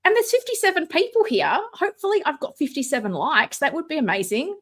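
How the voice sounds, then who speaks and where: A woman hosting a live stream from home, chatting casually, excitable and sarcastic, sometimes shouting. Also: high voice, fast talker. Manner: excitable, sarcastic, loud at times. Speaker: livestream host. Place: home room with ring light. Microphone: no mic close by, computer setup.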